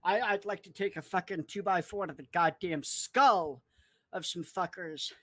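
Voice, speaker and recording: A man in a furious, profanity-laden livestream rant, cursing, threatening and mocking people in a squeaky put-on voice. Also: normal speed, a bit bright, no room sound. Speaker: online commentator.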